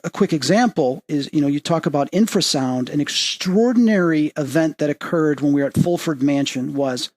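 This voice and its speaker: A man hosting an interview as a medium, telling a story with rising excitement and lively quoting of others. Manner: excitable, rising pitch when quoting and emphasizing. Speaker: podcast host and medium. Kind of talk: animated storytelling in casual interview.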